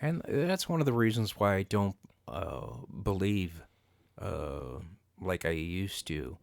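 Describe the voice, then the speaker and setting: A man's voice: sits low, slow, gravelly, dry recording, clean studio sound. A man hosting a casual chat, talking bluntly and profanely, with lots of fillers and restarts. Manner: blunt and profane, animated rants. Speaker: podcast host.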